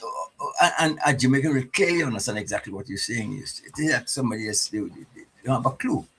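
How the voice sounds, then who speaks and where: Husky man, emphatic. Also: mid-range voice, lively intonation, fast, a bit bright, poor audio. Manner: stammering restarts, emphatic, chuckling. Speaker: studio guest. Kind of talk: casual radio discussion.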